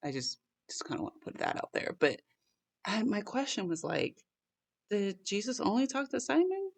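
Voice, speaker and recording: A woman hosting a casual Bible chat, reading scripture aloud and then talking through it in an excited, wondering way with lots of "like" and "right?". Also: medium pitch, normal speed, creaky.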